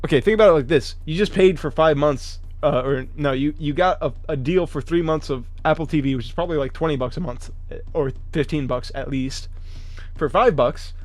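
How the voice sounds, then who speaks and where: Excitable, profane male streamer. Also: fairly high pitch, a little fast. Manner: profane, excitable, laughs often, reads card text and reacts to chat. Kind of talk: casual live-stream chat, reading card text aloud.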